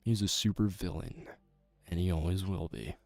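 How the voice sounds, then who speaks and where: A man voicing a bitter male villain, delivering a slow theatrical monologue with heavy pauses. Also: deep voice, vocal fry, darkish tone, no echo, soft background music. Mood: scornful. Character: bitter male villain denouncing a false hero.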